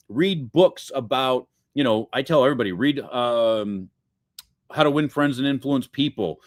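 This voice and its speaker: A man's voice: medium pitch, dry recording, studio quality. A man who is a guest on a podcast, talking in a friendly, motivational way. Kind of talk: casual interview talk.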